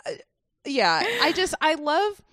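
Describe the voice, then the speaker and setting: A woman co-hosting a podcast, chatting about a movie in a relaxed, slangy way. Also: high voice, slow, dry recording, studio quality. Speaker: podcast co-host. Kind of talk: casual film discussion.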